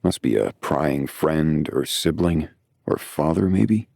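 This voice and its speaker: A man narrates a first-person romance audiobook in a low-key, wry way. His voice is very deep with a gravelly rasp. It sounds close to the mic in a dry, dead studio. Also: lively intonation, takes it slowly, darkish tone, no echo.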